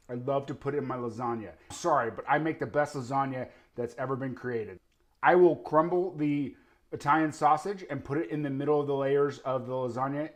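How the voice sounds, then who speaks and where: A man hosting a casual cooking demonstration, talking eagerly while he cooks and tastes the food. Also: on the high side. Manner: enthusiastic, talks while tasting and cooking. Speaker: cooking show host.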